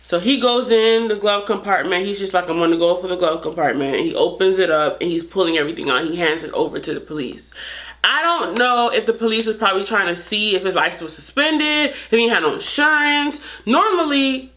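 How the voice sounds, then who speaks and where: A woman's voice: mid-range voice, fairly quick, a bit bright. Earnest woman vlogger telling a story. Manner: earnest, frustrated, restarts sentences often. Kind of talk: casual storytelling to camera.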